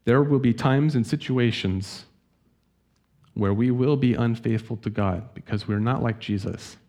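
A man preaching a sermon as pastor, speaking earnestly and gently, reading scripture slowly to his congregation. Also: mid-range voice.

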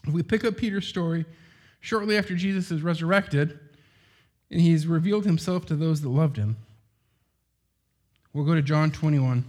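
A man's voice: a little high, moderate pace, pauses often, darkish tone. A middle-aged man preaching a sermon in a loose, conversational way, full of asides and rhetorical questions.

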